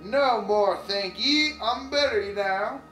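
A man's voice: high voice, slow, sharp tone, recorded from a distance, pitched above the performer's own voice, full character voice. A man voicing a flustered little male lizard who sounds shaken and breathless. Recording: roomy, off-mic, faint music.

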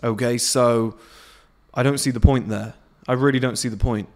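A man in his late twenties rants bluntly to camera from his outdoor patio, swearing freely in an unscripted motivational vlog about men's self-improvement. His voice is medium-pitched and darkish, with fairly even intonation at a moderate pace.

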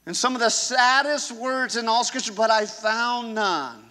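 Bright high-voiced preacher in echoey church. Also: male voice, a little slow. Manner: emphatic storytelling preacher. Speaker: pastor. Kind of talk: sermon. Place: church sanctuary.

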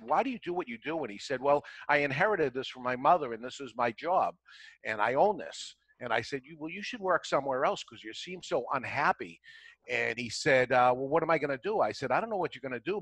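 A man's mid-range, fairly bright voice comes through a rough recording with no room sound. He is a talk show guest telling a long story in a relaxed way, voicing both parties of past conversations as quoted dialogue.

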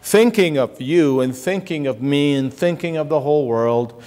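A male pastor preaching a sermon with passion, swinging between soaring high exclamations and low, quiet drops. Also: measured pace. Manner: impassioned, rising to high exclamations then dropping low. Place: church sanctuary. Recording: long church reverb.

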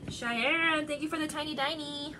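Woman co-host reading out chat, bright voice, slightly far off, faint background hiss. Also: sits high, steady tone, normal speed. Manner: laughs along, reads viewer comments aloud. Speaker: shelter livestream co-host. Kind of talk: casual livestream chat. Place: cat shelter room.

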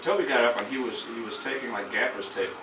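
A man's voice: mid-range voice, fast. A man in his sixties, a guest actor at a live Q&A, rambling through anecdotes with lots of laughter and swearing. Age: 60s. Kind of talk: casual storytelling to an audience. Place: small underground venue with an audience. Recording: echoey room from far off, loud noise.

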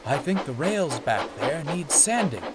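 A man's voice: on the high side, very animated, unhurried, heavy background noise, pitched above the performer's own voice. A man doing a crabby old engine. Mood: snappish. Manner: curt, grumpy, later apologetic. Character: crabby old male narrow-gauge engine.

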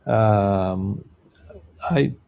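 A man lecturing with a low, gravelly voice and a dark, mellow tone. He reads from a religious text and then explains it, pausing often with filler sounds and starting phrases over. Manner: halting, frequent filler sounds and restarts.

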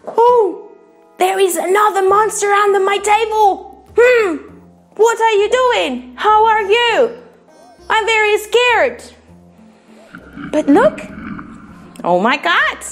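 Woman teacher, very high voice, unhurried, theatrical gasps, faint music behind. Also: a bit bright. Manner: exaggerated gasps, playful pretend fright, sing-song. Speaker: English teacher for children. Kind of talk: acted children's lesson.

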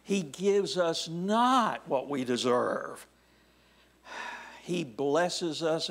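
Male pastor giving a sermon in church, slow and deliberate, higher voice, trails off soft and whispery. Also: animated. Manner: deliberate, drops to a near whisper at phrase ends. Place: church sanctuary.

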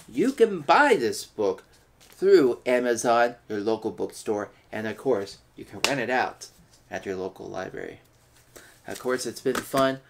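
A man's voice: lowish voice, a little hiss or hum. A man hosting a weekly read-aloud, reading a children's picture book and signing off in an upbeat, playful way. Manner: upbeat, playful sign-offs. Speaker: host reading books aloud.

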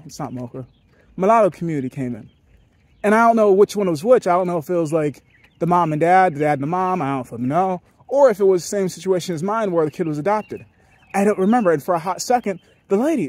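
A man's voice: high voice, a little mellow, no room sound. A young man rambling through a casual podcast monologue, profane and often laughing. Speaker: podcast host.

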